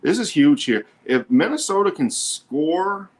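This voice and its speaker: A man hosting a sports show, commenting live on a basketball game in an excitable way and often repeating himself. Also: a little high, unhurried.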